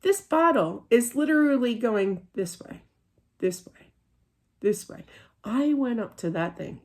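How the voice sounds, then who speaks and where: A woman's voice: medium pitch, expressive, slow pace, long pauses. A middle-aged woman giving a casual spiritual reading, chatty and rambling, full of fillers and restarts. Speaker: psychic reader.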